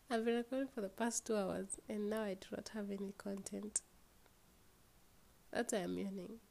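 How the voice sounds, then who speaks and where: A woman's voice: medium pitch, fairly even intonation, moderate pace, gravelly, pauses often, darkish tone. Young woman, Kenyan accent, solo podcast host; tired and yawning, rambles casually, mid-range voice. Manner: rambling, swears freely, switches between English and Swahili.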